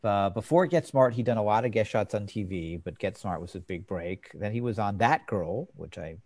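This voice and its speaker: Man host, casual and informative, low voice, dry close mic. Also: normal speed, a little mellow, dry recording. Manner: informative, reads scene quotes aloud. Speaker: podcast host. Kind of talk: casual chat, retelling scenes.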